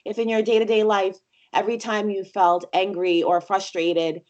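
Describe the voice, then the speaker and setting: Earnest woman in relaxed podcast chat. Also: mid-range voice, normal speed, muffled recording. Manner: earnest, reflective, encouraging. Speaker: podcast guest.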